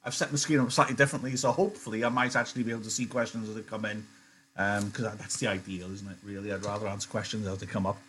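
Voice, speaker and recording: A man's voice: lowish voice, level tone, very fast, a bit bright, a little hiss or hum. A man teaching a live online lesson, chatty and digressive, often interrupting himself. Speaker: English teacher. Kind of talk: live online lesson, reading a novel aloud.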